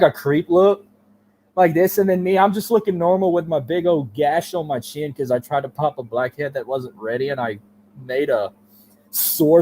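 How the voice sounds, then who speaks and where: Man, fairly high voice, animated casual storyteller, podcast guest. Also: a little hiss or hum. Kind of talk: casual chat.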